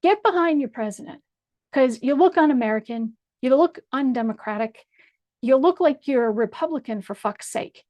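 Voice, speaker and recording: Angry, high-voiced woman ranting. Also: expressive, moderate pace, no room sound, dull audio. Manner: angry, blunt and profane. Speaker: political commentator. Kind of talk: direct-address video rant.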